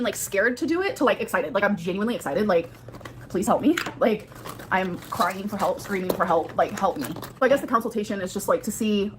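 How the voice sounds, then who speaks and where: Fast-talking young woman vlogger. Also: mid-range voice, a little hiss or hum. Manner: chatty, rambling, heavy use of "like". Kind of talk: casual vlog talking to viewers.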